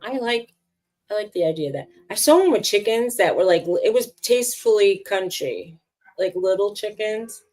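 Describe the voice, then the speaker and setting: A woman's voice: medium pitch, lively intonation, normal speed, darkish tone. A middle-aged woman chatting casually with friends on a crafting livestream. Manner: coos and talks baby-talk to her dog. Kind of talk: casual chat.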